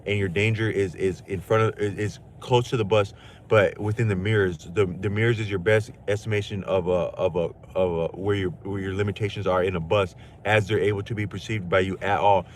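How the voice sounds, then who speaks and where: With a faint hiss underneath, a man whose voice sits fairly low addresses his stream chat a little fast and in an even tone. His casual, slangy remarks drift, doubling back as he restarts his thoughts.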